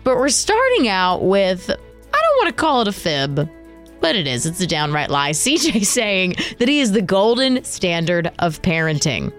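A woman's voice: medium pitch, very animated, moderate pace, soft background music. A woman co-hosting a radio show podcast, chatting casually, chatty and self-deprecating. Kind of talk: casual chat.

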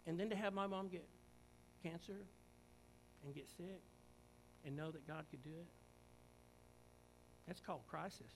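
A man preaching a sermon as pastor, swinging from quiet reflection to emphatic, rising declarations and acted-out quotes. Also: fairly high pitch, measured pace, long pauses, slight background noise, poor audio.

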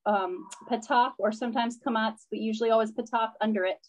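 Higher-voiced woman teaching a live class. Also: steady tone, fairly quick, low-quality recording. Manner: patient explaining, frequent fillers and check-ins. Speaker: language teacher. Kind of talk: live online class instruction.

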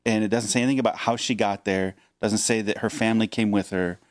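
A man co-hosting a podcast who reads Bible passages and talks them over in a measured, thoughtful way. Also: fairly low pitch, fairly even intonation, no room sound, clean studio sound. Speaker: podcast co-host. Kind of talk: Bible reading and casual discussion.

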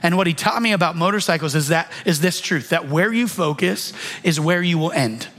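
A man's voice: on the high side, lively intonation, fairly quick, a bit bright. A man in his thirties preaching a sermon, telling a childhood story in a conversational way and acting out the lines of the people in it. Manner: conversational, restarts and fillers, acts out quoted lines. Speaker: pastor.

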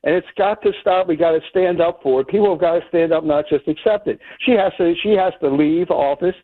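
A male caller on a talk radio show, heard through a tinny phone line. His voice is high and dry, and he rambles heatedly from one point to the next, with plenty of uh's along the way. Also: a little fast, no room sound. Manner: heated, rambling, with many fillers. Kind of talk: call-in talk.

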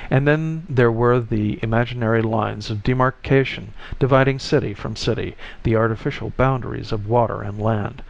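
A man narrating a story in a measured, even delivery, on a slightly muffled recording. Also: medium pitch, gravelly. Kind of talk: audiobook story reading.

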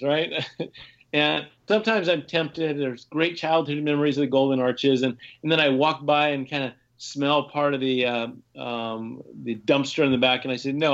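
With highs cut off in the audio, a fairly high-pitched man chats casually as a podcast guest. He's an ultrarunner from the United States who rambles through his stories and often restarts.

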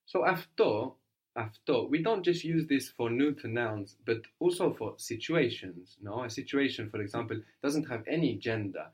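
A man's voice: medium pitch, lively intonation, normal speed. A man teaching a one-on-one spoken language lesson, patiently explaining words and then quizzing his student.

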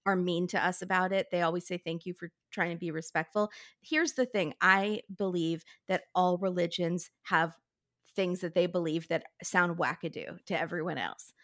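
A woman guesting on a podcast, chatting casually with quick reactions and laughs. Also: on the low side, fairly bright tone, no room sound, studio quality. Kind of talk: casual chat.

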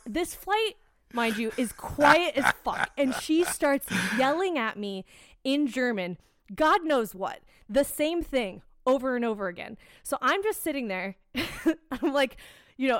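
Swearing woman telling a story, smooth voice. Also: sits high, unhurried, no echo, studio quality. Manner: swears a lot, animated storytelling. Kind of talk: casual chat.

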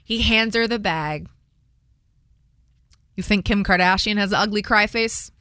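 A woman hosting a radio show, telling a story with lively energy and acting out the people in it. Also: mid-range voice, unhurried, clear, resonant tone, no echo.

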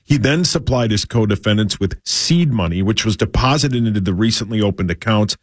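A man with a low voice reads a news story aloud on a studio show. His delivery is dry and wry. The mic is close and the sound has no room to it. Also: lively intonation, fairly quick, no room sound. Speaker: radio co-host. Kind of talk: casual studio banter, reading a news item aloud.

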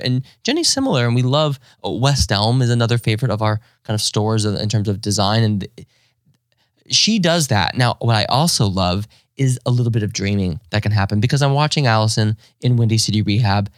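Animated, laughing podcast co-host man. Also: mid-range voice, no echo, clean studio sound. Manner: animated, laughing, acting out quotes in exaggerated voices. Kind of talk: casual chat.

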